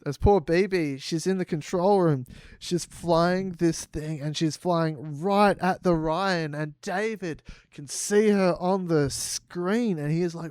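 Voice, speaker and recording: A man co-hosting a comedy podcast, slowly building an absurd space story and often laughing. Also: fairly high pitch, a little mellow, clear, resonant tone, dry recording. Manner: slow, giggly, building the story step by step. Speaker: podcast co-host. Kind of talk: improvised comic storytelling.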